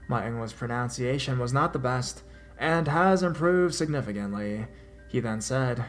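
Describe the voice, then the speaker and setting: A man narrating a horror story as a scripted reading, dramatic, with his pitch and loudness swelling in the tense parts. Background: faint music.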